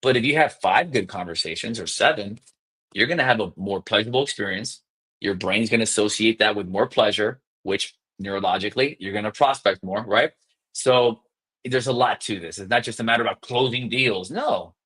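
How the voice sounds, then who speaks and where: Energetic man coaching sales live. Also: lowish voice, husky. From South Florida. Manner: energetic, fast, emphatic, demonstrates scripts.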